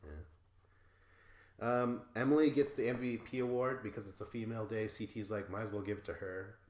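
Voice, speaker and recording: A man co-hosting a podcast, casually recapping a reality show in a lively way and imitating the cast members. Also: lowish voice, moderate pace, echoey room. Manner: animated, mimics cast members with laughs. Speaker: podcast co-host.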